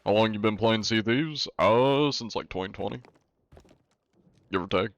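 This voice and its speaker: A man's voice: moderate pace, no room sound, muffled recording. A man streaming a game live, answering his chat in a wry, joking, rambling way. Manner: says he is often compared to a deep-voiced narrator.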